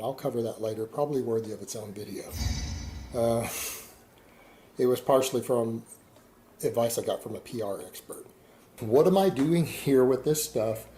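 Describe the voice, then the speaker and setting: A man's voice: mid-range voice, dark tone, slight background noise, poor audio. A middle-aged man from Texas in a casual, rambling monologue to camera, defiant and full of rhetorical questions. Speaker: online video creator.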